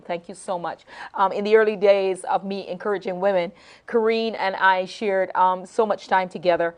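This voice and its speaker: A middle-aged woman with a mid-range voice hosts a live late-night talk show at a moderate pace. She speaks to viewers in a heartfelt, emotional way, repeating phrases and stumbling over her words.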